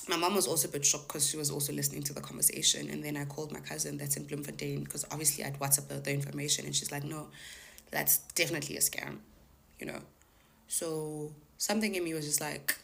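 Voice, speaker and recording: A woman with a low-pitched voice tells a story in a chatty vlog monologue. She retells it with animation, acting out what each caller said. Her delivery is loose and conversational. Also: little pitch movement, normal speed, gravelly. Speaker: TikTok storyteller.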